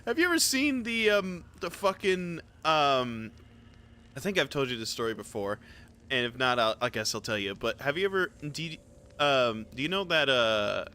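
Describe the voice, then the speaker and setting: A young man streamer chatting casually, often breaking into high-pitched laughter. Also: lively intonation, normal speed, bright, forceful tone, clean tone. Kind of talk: casual chat.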